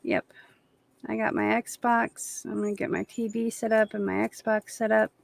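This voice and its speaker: A woman's voice: on the high side, level tone, moderate pace, vocal fry. A woman hosting an art livestream, chatting casually as she paints, rambling and correcting herself as she goes. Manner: rambling, self-correcting, easygoing. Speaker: artist hosting a live stream. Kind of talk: casual chat while painting.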